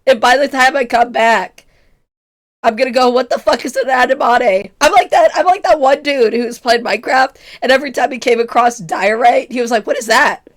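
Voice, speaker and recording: Speaking at an ordinary pace with a slightly high voice, a twenties-aged woman hangs out with her stream chat. She laughs at herself a lot, and being ill has left her voice strained.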